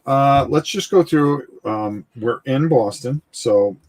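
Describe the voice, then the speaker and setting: Husky-voiced man hosting a board game stream. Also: mid-range voice, slow, a little mellow. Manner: thinks aloud, chatty, repeats words, frequent "all right". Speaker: host of a live tabletop game stream. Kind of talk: casual live playthrough, explaining rules. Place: indoors at a gaming table, filmed from overhead.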